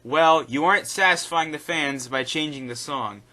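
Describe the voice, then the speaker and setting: A man's voice: on the high side, normal speed, bright, forceful tone. A man giving casual, rambling commentary in a video, airing strong opinions with frequent fillers. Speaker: YouTube commentator.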